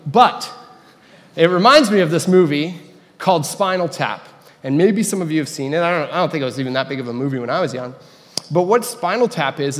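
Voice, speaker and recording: A man preaching a casual, conversational sermon as a pastor, with joking asides. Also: fairly high pitch. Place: church sanctuary. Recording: reverberant church hall.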